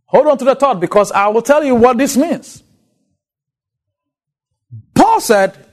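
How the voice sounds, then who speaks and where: A man from Ghana with a Ghanaian accent, giving a recorded Bible lecture with emphatic, drawn-out stresses. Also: extremely high pitch, lively intonation.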